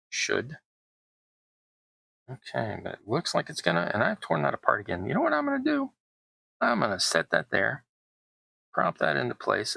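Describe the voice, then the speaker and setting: A middle-aged YouTuber crafting tabletop terrain keeps up a casual, rambling commentary, poking fun at himself along the way. He has a lowish, creaky, sharp voice, and the recording is dry and low-quality.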